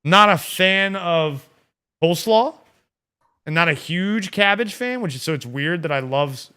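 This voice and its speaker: A man from Northern Illinois hosts a laid-back watch-party stream, chatting about food with easy enthusiasm and the odd swear. His voice is bright and smooth, pitched a bit high, and he talks at an unhurried pace. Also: animated. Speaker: stream host. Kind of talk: casual chat.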